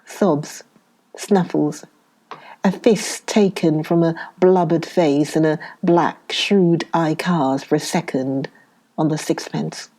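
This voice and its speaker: Slow, mellow woman reading a novel. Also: low voice. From United Kingdom. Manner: slow, measured reading with voiced dialogue. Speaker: audiobook reader. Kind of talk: scripted narration.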